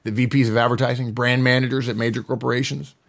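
Animated middle-aged man explaining at length. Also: mid-range voice, fast, creaky. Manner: animated, acts out quotes in voices. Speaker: podcast host. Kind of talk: casual explanatory chat.

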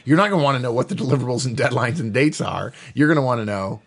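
A middle-aged man hosting a podcast, explaining in a casual, animated way and acting out quoted voices. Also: medium pitch, very fast, slightly rough. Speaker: podcast host.

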